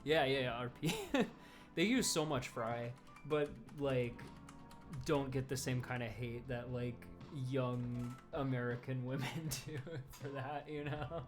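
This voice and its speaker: A woman chatting casually on a livestream, with a light voice, lots of vocal fry and frequent giggles and fillers. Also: a bass voice, measured pace. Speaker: streamer co-host. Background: music.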